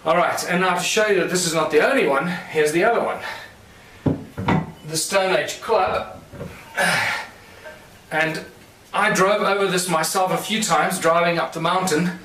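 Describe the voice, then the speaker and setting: A man's voice: sits high, steady tone, fairly quick, bright, forceful tone, slight background noise. Man lecturing in an echoey room. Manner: explanatory, points things out to the audience. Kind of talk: conference lecture with demonstrations.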